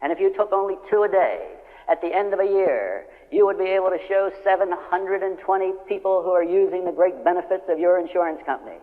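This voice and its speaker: A motivational speaker addresses a live audience in a large hall, telling stories and acting out the customers and friends he quotes. His voice is high-pitched and a little fast. It comes from an old lo-fi recording of the speech in a reverberant hall.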